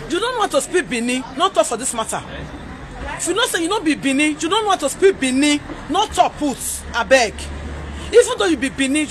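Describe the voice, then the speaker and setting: A woman's voice: very high voice, a little hiss or hum. A Nigerian woman from Edo, ranting in a heated, pleading way in a vlog, repeating herself as she scolds people. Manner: agitated, pleading, repetitive. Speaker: vlogger.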